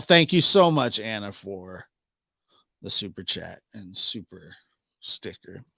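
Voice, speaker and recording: A man hosting a live stream in a relaxed, chatty way, greeting viewers and reading out where they are tuning in from. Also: mid-range voice, creaky, no room sound, clean studio sound. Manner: relaxed, chatty, reads out viewer names and places. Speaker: livestream host. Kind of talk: casual live-stream chat. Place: home studio in the Pacific Northwest.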